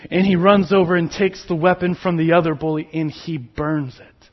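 A man preaching a sermon, slow and emphatic, with sudden drops to a near whisper on key words. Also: on the high side, fairly even intonation, lo-fi sound. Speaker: pastor.

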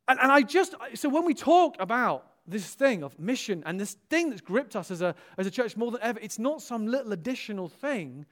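Speaking in a high-pitched voice at a slightly fast clip, a pastor tells stories to his congregation during a sermon, acting out the dialogue. He's animated and often exclaims hallelujah and amen.

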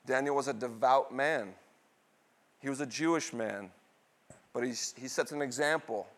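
A middle-aged man preaching a sermon, asking the congregation questions and answering them, with dramatic swings between loud bursts and quiet, low asides. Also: a little slow. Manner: call-and-response questions, dramatic swings in pitch and loudness. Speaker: pastor.

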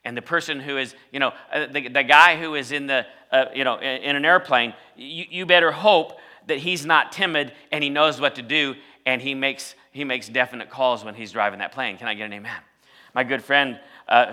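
Male pastor, very bright voice, sermon storytelling with loud emphatic peaks. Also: medium pitch.

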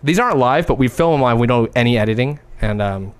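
American guy hosting a podcast, joking and animated, medium pitch. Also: fast talker, clear, resonant tone. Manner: joking, animated, mocks accents. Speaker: podcast host. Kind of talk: casual chat.

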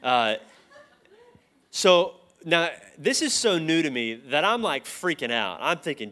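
A man's voice: a little high, measured pace. A man giving a casual storytelling sermon to a live group, acting out the voices in his anecdotes. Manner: animated, acts out both sides of dialogue. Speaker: speaker at a church teaching.

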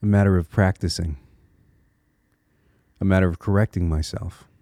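This solo podcast comes from a Connecticut man with a deep, mellow voice, a steady tone, and a normal pace. He talks in an earnest, reflective, encouraging way and restarts small bits as he thinks out loud, with no echo on the recording.

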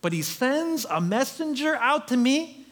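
A man's voice: very high voice, very animated, unhurried, fairly bright tone, voice pushed up, full character voice. A man acting out a proud army commander who is pompous and indignant at being snubbed. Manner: pompous, indignant, self-important.

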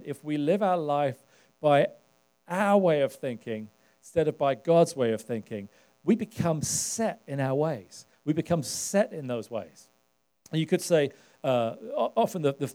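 Middle-aged British pastor, higher voice, warm tone, chatty preacher who fires questions at the congregation. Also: male voice. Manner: conversational, rallying the congregation with questions. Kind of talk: sermon. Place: church service.

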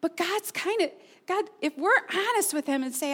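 A woman's voice: very high-pitched, expressive, moderate pace, fairly bright tone. A middle-aged woman pastor preaching a sermon, earnest and personal, asking her listeners questions.

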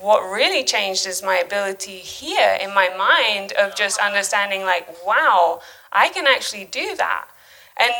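Woman in her 30s, conversational church talk, lightly gravelly voice, mid pitch. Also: low-quality recording. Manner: chatty and animated, with many fillers and asides. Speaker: speaker at a church. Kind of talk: casual sermon.

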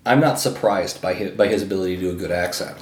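A man's voice: sits low, fast talker, slight background noise. A man co-hosting a casual podcast chat, rambling with frequent restarts. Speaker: podcast co-host. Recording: roomy echo.

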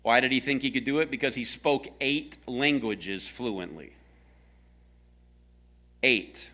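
A man's voice: mid-range voice, takes it slowly, bright, forceful tone. A man from the American South preaching a conversational sermon, telling a story with jokes aimed at his congregation. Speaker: pastor.

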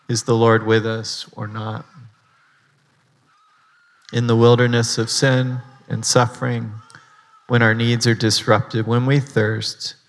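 Male pastor, casual sermon, rambling asides, mid-pitched voice, long hall echo. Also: a bit bright. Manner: chatty, with rambling asides and fillers.

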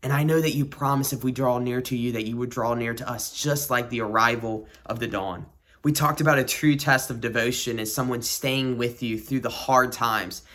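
A man's voice: medium pitch, fairly even intonation, moderate pace, fairly bright tone. Earnest man giving a devotional podcast. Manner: reflective and earnest, repeats key phrases. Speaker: podcast host. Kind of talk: devotional podcast teaching with prayer and scripture reading.

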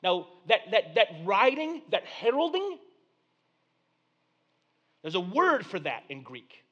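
Man preaching, high voice, dynamic delivery, hushed then booming, church sermon. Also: huge pitch swings, takes it slowly, muffled recording. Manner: dynamic preaching, dropping to hushed tones then rising to loud exclamations. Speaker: pastor.

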